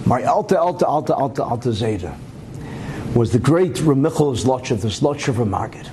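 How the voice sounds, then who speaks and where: A male rabbi giving a Torah lecture as an animated storyteller, with asides and rhetorical questions. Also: mid-range voice, normal speed, noisy background.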